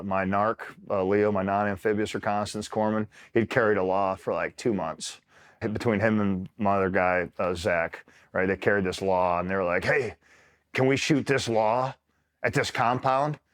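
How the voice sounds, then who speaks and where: Laughing retired Marine telling war stories. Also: male voice, fairly low pitch. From New York. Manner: laughing, animated, acts out quotes. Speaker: retired Marine recounting combat. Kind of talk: casual storytelling.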